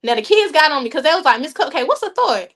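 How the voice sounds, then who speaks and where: A woman's voice: high voice, big pitch swings, fast talker, fairly bright tone. A woman leading a youth program, talking animatedly as a podcast guest, laughing and addressing listeners in folksy asides. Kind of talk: casual podcast chat.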